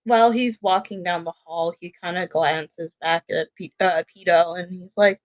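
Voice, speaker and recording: A woman playing a tabletop game, gently describing what her character does. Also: fairly low pitch, steady tone, normal speed, hardly any pauses, no echo. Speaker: player.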